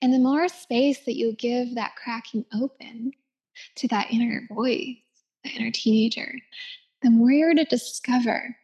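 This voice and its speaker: A woman's voice: on the high side, vocal fry. A woman yoga instructor giving a casual, reflective self-help talk. She says "like" often, laughs easily and sometimes drops to a whisper.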